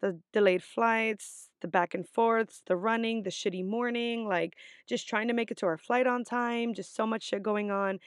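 A woman's voice: a little high, fairly even intonation, normal speed, few pauses, dry recording, clean studio sound. A young adult woman vlogger telling a story in a casual, chatty way, full of swearing and "like" fillers.

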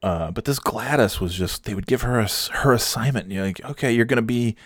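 A man's voice: lowish voice, a little fast, slightly rough, no echo, clean studio sound. A man in his thirties talking casually and profanely in a solo podcast, rambling and mocking himself. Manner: rambling, self-deprecating, profane. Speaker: podcast host.

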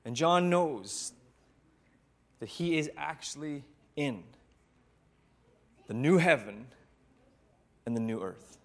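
A man preaching as a pastor, retelling a scripture story in a reflective way with dramatic pauses. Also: fairly high pitch, lively intonation. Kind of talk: sermon storytelling.

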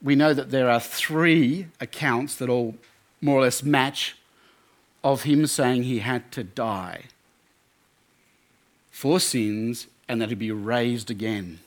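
A man giving a sermon talk at a student camp, telling stories in an animated way with many restarts. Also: mid-range voice, slow, pauses often. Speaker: camp speaker.

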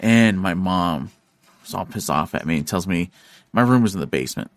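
A man co-hosting a podcast, telling a profane story in an animated, casual way. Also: low-pitched, moderate pace, no room sound. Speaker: podcast co-host. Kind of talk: casual chat.

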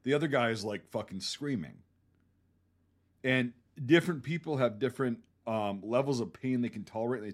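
A man hosting a casual podcast discussion, blunt and animated, swearing freely as he talks through a film. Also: medium pitch, normal speed. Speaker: podcast host.

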